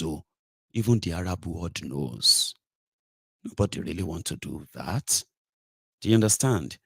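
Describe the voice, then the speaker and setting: A man's voice: on the low side, dry recording, studio quality. A man with a Nigerian accent hosting a sarcastic, opinionated political monologue. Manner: sarcastic, mocking, rhetorical. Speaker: political commentary host.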